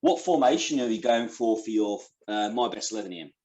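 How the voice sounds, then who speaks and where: A man's voice: on the low side, expressive, brisk, darkish tone, muffled recording. A man hosting a casual football podcast, chatty and full of fillers. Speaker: podcast host.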